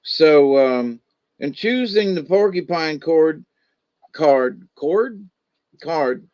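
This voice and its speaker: A man's voice: fairly high pitch, lively intonation, slow pace, darkish tone, clear, resonant tone, dry recording, lo-fi sound. A man telling folk stories and animal lessons in a rambling, folksy way, full of asides. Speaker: storyteller. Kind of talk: casual spoken storytelling.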